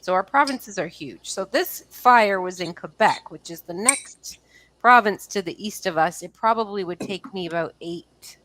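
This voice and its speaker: A woman's voice: medium pitch, expressive, normal speed, a bit bright, slight background noise, low-quality recording. A woman from Canada co-hosting a podcast, chatty and playfully teasing as she explains things at length. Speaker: podcast co-host. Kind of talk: casual chat.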